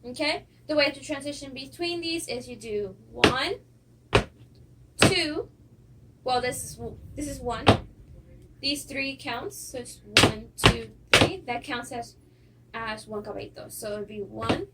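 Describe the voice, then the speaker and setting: A woman's voice: sits high, moderate pace. A young woman teaching a folk dance lesson, counting steps aloud, with small laughs and fillers. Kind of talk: instructional lesson. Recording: distant mic with clear noise.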